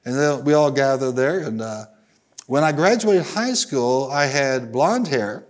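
A man's voice: medium pitch, animated, a little slow. A middle-aged man, a pastor from Southern Illinois, preaching to a congregation, telling stories in a folksy way and calling for the congregation to answer him. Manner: folksy storytelling, calls for congregation responses. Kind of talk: sermon with stories. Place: church sanctuary.

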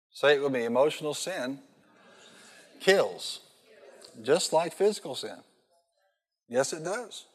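A male pastor gives an animated sermon that mixes humorous stories with calls for the congregation to answer back. His voice sits at a mid pitch, and each phrase rings out into the long reverb of a large church hall. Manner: animated storytelling with call-and-response.

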